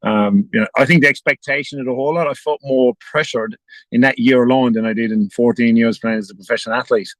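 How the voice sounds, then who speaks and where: A fast-talking Irish man in his forties chatting casually as a podcast guest. He rambles and restarts sentences, and the recording is dry and close. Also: mid-range voice, steady tone, dry recording, poor audio. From Ireland. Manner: quick, rambling, restarts often. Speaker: guest, former footballer. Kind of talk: casual chat.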